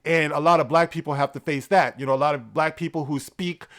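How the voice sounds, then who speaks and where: Animated man giving casual commentary. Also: a little high, fast talker. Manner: conversational, animated, trailing off with fillers. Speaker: commentary vlogger.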